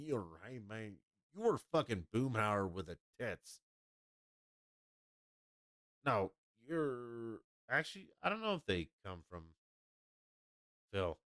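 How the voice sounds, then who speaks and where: Male streamer, mid-pitched voice, blunt and profane, dry close-mic sound. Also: fairly bright tone, dry recording. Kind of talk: casual livestream chat.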